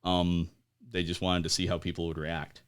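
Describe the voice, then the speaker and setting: A man with a very low voice talks through his memories as an interview guest. He hesitates often, fills gaps with "uh" and "you know," and laughs wryly at dark moments. He is an American veteran in his forties. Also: level tone, a little hiss or hum. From United States. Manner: halting, many fillers, laughs at grim moments. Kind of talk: conversational interview storytelling.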